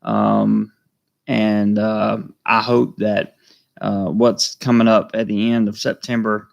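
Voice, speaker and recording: A man's voice: fairly low pitch, flat delivery, slow pace, vocal fry, highs cut off. A man with a Southern American accent chatting casually on a live stream, reading viewer comments and rambling with many fillers. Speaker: vlogger hosting a live stream.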